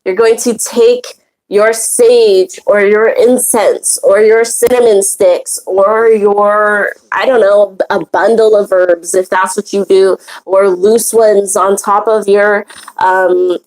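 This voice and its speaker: Chatty woman host of a spiritual circle, mid-pitched, rambling casual teaching full of ums and restarts. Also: fairly even intonation, takes it slowly, darkish tone, low-quality recording.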